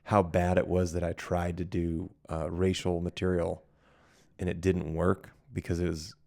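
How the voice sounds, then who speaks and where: A man's voice: low-pitched, monotone, normal speed, creaky, a little mellow. A man co-hosting a comedy podcast, chatting casually and rambling into self-mocking jokes about his stand-up sets. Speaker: podcast co-host, stand-up comic.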